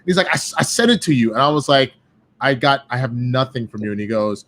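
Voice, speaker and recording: Profane, animated man telling stories. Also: mid-range voice, fast, a little hiss or hum. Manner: profane, animated storytelling with quoted voices. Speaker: guest. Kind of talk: casual podcast chat.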